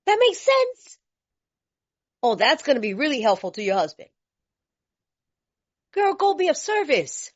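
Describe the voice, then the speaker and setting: A woman from California sharing her story at a recovery meeting, blunt, animated and laughing, with streetwise talk. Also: a little high, moderate pace, long pauses. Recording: dull lo-fi recording.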